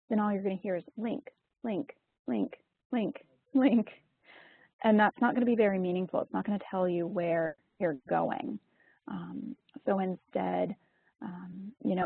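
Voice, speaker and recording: Female webinar presenter, husky and explanatory, on a tinny dry line. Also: medium pitch, no room sound. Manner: explanatory, frequent ums and you-knows. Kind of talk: webinar lesson.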